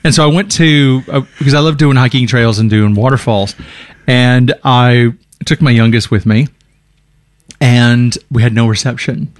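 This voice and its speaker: A middle-aged man in casual chat, jokey and lively, who drops his voice low for the voices he quotes. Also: moderate pace, dry recording.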